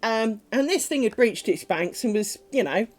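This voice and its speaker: A British woman chatting casually on a crafts livestream, telling rambling, animated stories full of ums and the odd swear word. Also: fairly high pitch, normal speed. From Britain. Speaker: crafts streamer.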